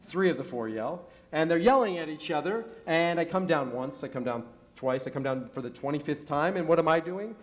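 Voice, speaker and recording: High-voiced man preaching a sermon. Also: animated, a little fast. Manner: storytelling with rhetorical questions, rising emphasis. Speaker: rabbi. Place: synagogue sanctuary.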